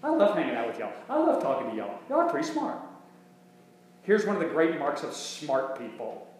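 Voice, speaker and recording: A man's voice: mid-range voice, wildly swooping pitch, a little fast, a little mellow. A male minister preaching a conversational sermon, full of restarts and rhetorical questions. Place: church sanctuary. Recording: very echoey church room with faint hum.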